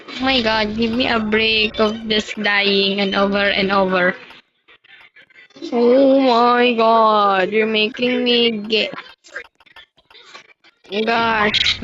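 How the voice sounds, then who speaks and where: Excitable young woman gaming. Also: on the high side. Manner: excitable, frequent exclamations and laughs, complains about lag. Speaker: gamer streaming her match. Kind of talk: live gameplay commentary. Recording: dull lo-fi recording with noise and clicks.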